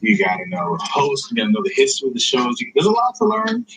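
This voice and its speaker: A man working as a studio page, giving a tour in a quick, eager, joking way. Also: medium pitch, huge pitch swings. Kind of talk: guided tour talk. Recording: loud background noise.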